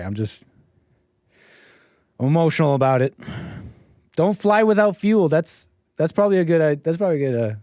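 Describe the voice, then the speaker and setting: This man hosts his own livestream, delivering a casual monologue that rambles and turns sarcastic, full of restarts and laughter. His voice is medium in pitch with a dark tone, and there is no room sound.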